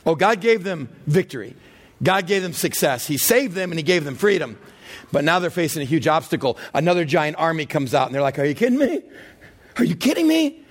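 A middle-aged man preaching a sermon with dramatic swings between loud and hushed delivery. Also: a little high, brisk. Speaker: pastor.

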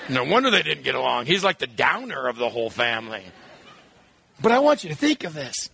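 A man preaching a sermon in an animated way, acting out voices and sometimes shouting. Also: on the high side, a little fast, creaky, husky. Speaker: pastor.

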